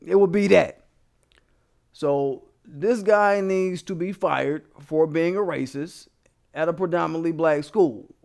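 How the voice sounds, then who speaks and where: A man delivers a heated, profanity-laced rant, talking straight to his viewers. His voice sits a bit high for a man, and he keeps it blunt and casual throughout. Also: a little mellow. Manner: blunt, heated, swearing constantly, addressing viewers directly. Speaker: commentary channel host.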